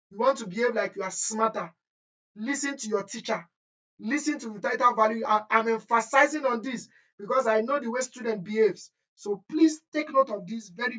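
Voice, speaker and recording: A woman's voice: a little high, muffled recording. A woman chemistry teacher, giving an exam-prep lesson in an emphatic, scolding way that repeats key points. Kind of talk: exam-prep lesson, screen-share walkthrough.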